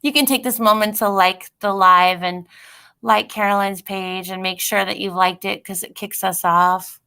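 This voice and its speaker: Bubbly, bright-voiced woman chatting on a live stream. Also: medium pitch, steady tone, moderate pace, smooth. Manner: bubbly, chatty, laughs often. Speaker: co-host of live psychic reading stream. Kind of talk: casual live-stream chat.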